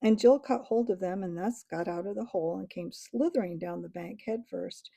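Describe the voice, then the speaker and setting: A woman reading a storybook aloud in a gentle, measured way. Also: medium pitch, creaky, dry recording. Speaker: audiobook reader.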